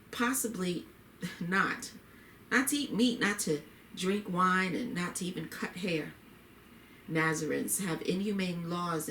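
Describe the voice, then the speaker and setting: A woman reading the lines of a talkative, fussy male neighbor in a story, in a rambling, lively way. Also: fairly low pitch, a little hiss or hum. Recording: roomy echo.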